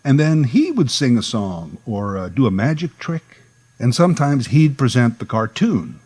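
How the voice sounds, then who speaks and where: A man's voice: mid-range voice, big pitch swings, moderate pace, a little mellow, slightly rough, rough recording. A man telling a nostalgic childhood story in a wry, conversational way, full of asides. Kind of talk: storytelling monologue.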